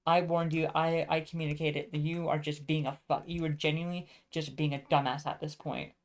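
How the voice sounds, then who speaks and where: A woman's voice: sits low, level tone, brisk. A woman venting in a casual, profane monologue, rambling with many fillers and restarts. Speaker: vlogger.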